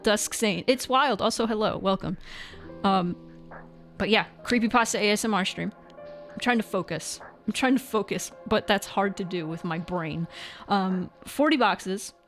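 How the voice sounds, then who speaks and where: A young woman streamer chatting casually through a sponsor read, rambling with lots of fillers and restarts. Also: mid-range voice.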